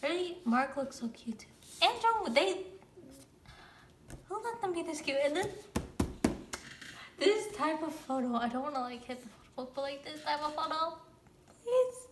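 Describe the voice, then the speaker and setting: A young woman unboxing a photobook in casual chat, gushing with excited exclamations and sometimes dropping to a soft whisper. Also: sits high, moderate pace, pauses often, background noise. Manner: drops to soft whispers at times. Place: room with a countertop, squeaky chair. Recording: echoey room with faint ambience.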